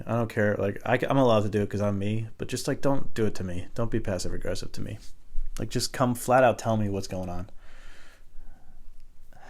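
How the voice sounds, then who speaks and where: A man hosting a solo podcast, ranting in a casual, profane, exasperated way about everyday annoyances. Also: on the low side. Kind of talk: solo comedic rant.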